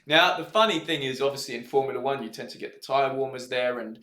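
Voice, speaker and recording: A man, a racing driver, commentating a race live in a chatty, joking, excitable way. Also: medium pitch, fast talker. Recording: roomy streaming setup.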